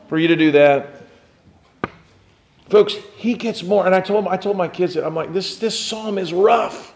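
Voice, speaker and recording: A man preaching a sermon, dropping to soft low asides and then climbing into impassioned cries as he acts out prayers. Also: normal speed, gravelly. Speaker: pastor.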